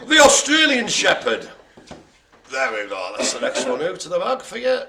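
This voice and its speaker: A man's voice: mid-range voice, huge pitch swings, a little fast, creaky, a bit bright, a little hiss or hum. A man hosting a live bingo show, joking theatrically and often laughing as he calls the cards. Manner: theatrical jokey showman who laughs often. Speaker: host calling dog bingo. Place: room with colleagues present.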